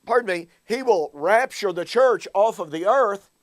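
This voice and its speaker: A man giving a recorded Bible teaching talk, telling stories earnestly and addressing his listeners as folks, slowing down to stress key words. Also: sits high, lively intonation, dry recording. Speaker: Bible teacher and show host.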